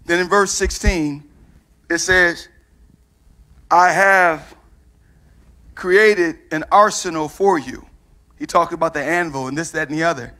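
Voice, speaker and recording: Fervent high-voiced male preacher. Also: measured pace, long pauses. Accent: Midwestern US. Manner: fervent preaching, urging the reader on, building to shouts. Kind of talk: sermon.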